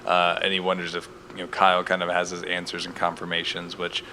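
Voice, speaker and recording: A low-pitched man with a bright, forceful tone co-hosts a podcast recap in casual chat. He tosses in wry, joking asides, over a faint hiss. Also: completely flat delivery, brisk. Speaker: podcast co-host.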